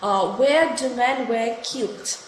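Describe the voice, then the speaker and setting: Brief: Russian-accented woman teacher, higher voice, encouraging with praise, echoey room with faint hiss. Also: slow pace. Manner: encouraging, thanks and praises each answer. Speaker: English teacher. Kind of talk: online class quizzing students.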